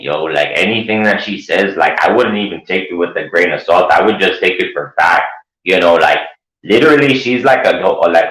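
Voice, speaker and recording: Low-voiced guy going off on a sweary mocking rant, roomy echo on the mic. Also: fairly bright tone. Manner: profane, sarcastic, mocking. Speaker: channel host. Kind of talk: ranting commentary.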